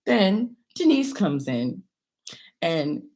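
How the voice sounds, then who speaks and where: Husky-voiced woman telling a chatty story. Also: fairly low pitch, drawn-out words. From China. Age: late 20s. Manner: chatty, animated retelling with quoted voices and whispers. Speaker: vlogger. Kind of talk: casual storytime vlog.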